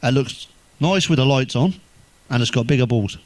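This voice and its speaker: A man's voice: mid-range voice, normal speed, no room sound, poor audio. A man telling crude jokes in a stand-up monologue, swearing constantly and laughing at his own punchlines. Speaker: stand-up comedian.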